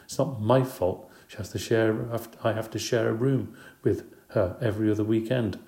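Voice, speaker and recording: A man voicing Miranda, a kind, patient girl who speaks gently and earnestly, in an audiobook. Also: fairly low pitch, steady tone, moderate pace, vocal fry, reverberant. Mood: sad. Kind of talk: audiobook character voice.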